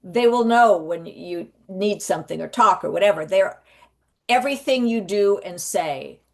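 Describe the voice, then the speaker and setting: A woman guest, a psychic medium, telling stories in a rambling, animated way with frequent restarts. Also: medium pitch, normal speed, gravelly. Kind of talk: conversational storytelling.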